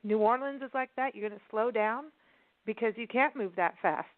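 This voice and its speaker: An enthusiastic woman radio host talks with a fairly high voice. The sound is dry and narrow, like a phone line. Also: moderate pace, no room sound. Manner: enthusiastic, chatty, laughs often. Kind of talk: casual radio interview.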